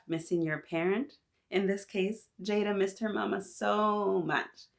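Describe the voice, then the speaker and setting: A woman reading a picture book aloud to children, adding gentle, sympathetic comments. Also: medium pitch, steady tone, unhurried, gravelly. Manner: gentle, sympathetic asides to young listeners. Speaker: children's story reader.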